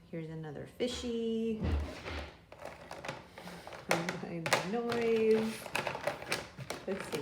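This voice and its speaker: A preschool teacher, a woman, talks slowly and gently to little children in a sing-song way. Her voice rings in a roomy space, with a faint hum of room noise behind her. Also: mid-range voice. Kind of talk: craft and song lesson for young children.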